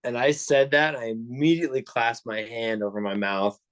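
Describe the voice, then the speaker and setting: A man's voice: mid-range voice, fairly even intonation, moderate pace, no echo. A young man telling a long story on a casual podcast, rambling with lots of fillers and restarts. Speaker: podcast co-host.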